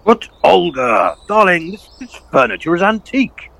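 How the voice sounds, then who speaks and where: A man's voice: high-pitched, normal speed, gravelly, no room sound, full character voice. A man playing a pompous, blustering old colonel who hunts for bargains. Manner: blustering, posh, excitable.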